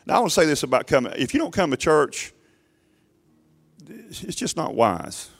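A male pastor preaching a sermon emphatically to his congregation, often urging them to listen, his voice swelling loud and falling low. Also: big pitch swings, moderate pace, breathy edge. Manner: emphatic preaching, rising and dropping sharply in loudness; addresses congregation directly with repeated "listen".

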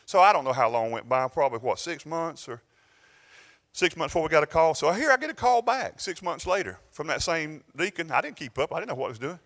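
A pastor with a Southern US accent preaches a sermon in church, his voice a little high and his pace brisk. He tells stories with animation, swinging from exclamations to quiet asides.

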